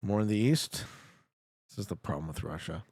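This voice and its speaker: A man's voice: on the low side, moderate pace, creaky, darkish tone, no room sound, clean studio sound. A young man streaming a geography guessing game, joking and talking back to his chat. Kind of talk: casual live gameplay commentary.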